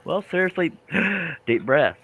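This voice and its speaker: A man's voice: fairly high pitch, lively intonation, takes it slowly, vocal fry, background noise. A man hosting a live stream, chatting casually, teasing his co-host and laughing often. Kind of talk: casual chat while reading comments.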